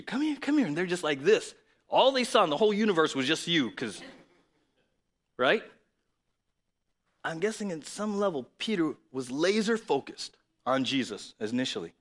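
A man preaching a sermon in an animated, conversational way, often asking rhetorical questions. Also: on the high side. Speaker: pastor.

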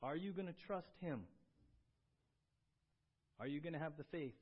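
A man preaching a sermon as pastor, shifting between quiet confession and loud, urgent exhortation. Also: on the high side, animated, a little slow, breathy edge, dull audio.

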